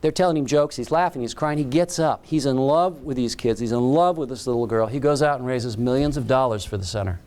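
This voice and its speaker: A man's voice: medium pitch, brisk, hardly any pauses, a little mellow. A man giving a keynote speech, telling a story in short, dramatic phrases. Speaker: keynote speaker.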